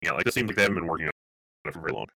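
A man runs a tabletop game as game master, narrating in a rambling way with fillers and restarts. His voice sits low but has a forceful, bright edge. The recording is dry and close. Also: lively intonation, very fast, creaky, dry recording, rough recording. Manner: rambling, many fillers and restarts, laughs often.

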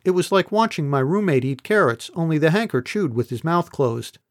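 A man's voice: on the high side, expressive, brisk, no echo, studio quality. A man reading a blunt young male trainee. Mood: plain.

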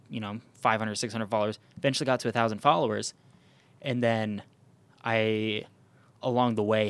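A man hosting a podcast, telling a hiking story in casual chat, with lots of "um" and "like" and frequent restarts. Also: fairly low pitch. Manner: rambling, many fillers and restarts. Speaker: podcast host.

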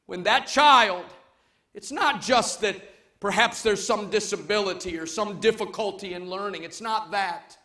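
A male pastor with a high, bright voice preaches slowly in a church before his congregation. He is emphatic, moving from loud calls to hushed urging. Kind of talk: sermon.

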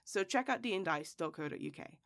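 Hoarse, sick woman hosting a podcast. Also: fairly low pitch, expressive, brisk, fairly bright tone, dry recording. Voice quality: rough, raspy voice. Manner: chatty, grateful, repeats words. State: hoarse from illness. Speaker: game master and host. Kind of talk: podcast intro and sponsor read.

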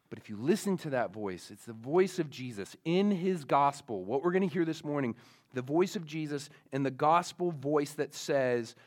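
A male pastor preaching a sermon in a casual storytelling way, with many fillers, speaking to young listeners. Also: mid-range voice.

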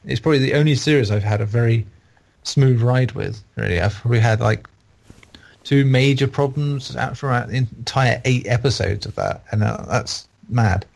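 Creaky, husky-voiced male game reviewer. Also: mid-range voice, normal speed, a little mellow. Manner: opinionated, rambling, critical. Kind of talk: casual chat.

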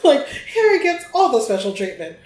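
A woman's voice: high-pitched, big pitch swings, moderate pace, a little mellow, reverberant. A woman co-hosting a podcast in casual, playful chat, sometimes acting out characters' lines. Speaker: podcast co-host.

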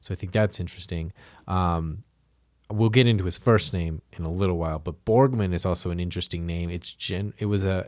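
A man's voice: sits low, a little mellow, dry recording, clean studio sound. A man co-hosting a podcast, casually talking through a film with many fillers and restarts. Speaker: podcast co-host.

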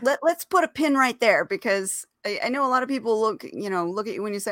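Woman author, casual chat, blunt and matter-of-fact, fairly high voice, dry close sound. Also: lively intonation, fast talker, few pauses, fairly bright tone, dry recording. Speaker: author and editor.

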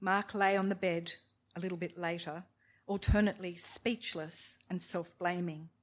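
A woman reading a novel aloud in a measured, expressive storytelling manner, with occasional asides to her listeners. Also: fairly low pitch. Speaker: reader of a novel.

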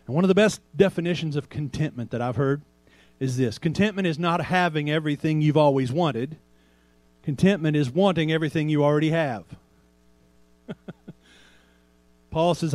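A man pastor preaching a sermon in a conversational way, asking rhetorical questions and slowing down to stress quoted scripture. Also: fairly high pitch, darkish tone, no echo.

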